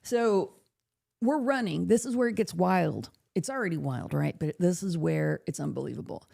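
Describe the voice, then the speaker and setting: A woman podcast host telling a story in casual chat. She talks in an animated way, swears freely and laughs often. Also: lowish voice, moderate pace, creaky.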